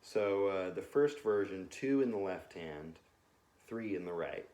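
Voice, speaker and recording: A young man giving a relaxed music lesson from his couch at home, often pausing with ums and uhs and counting beats aloud. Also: sits low, very noisy. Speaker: music teacher. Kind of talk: casual instructional talk. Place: home living room, on a couch.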